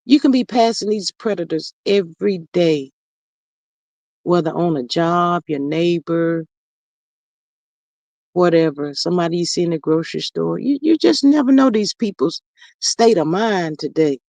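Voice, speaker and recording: A woman's voice: lowish voice, a little slow, mellow, dry recording. A woman hosting a live stream, reading viewers' comments aloud in a folksy, sighing way and calling them "child" and "y'all". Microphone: streaming setup. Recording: dry, dull lo-fi stream audio.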